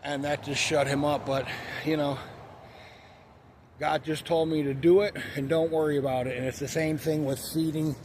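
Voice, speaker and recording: Man, casual storytelling, profane, blunt, fairly high voice, faint background hum. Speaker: vlogger.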